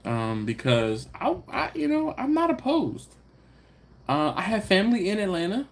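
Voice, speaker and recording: A Philadelphia man hosts a relaxed livestream in a high, sing-song voice at a moderate pace. He reads viewer comments out loud and laughs a lot as he chats with the audience.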